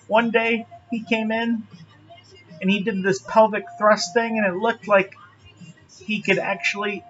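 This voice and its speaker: A man's voice: a little high, a bit bright, lo-fi sound. A man talking straight to his viewers in a rambling, profane monologue, laughing often. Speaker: vlogger.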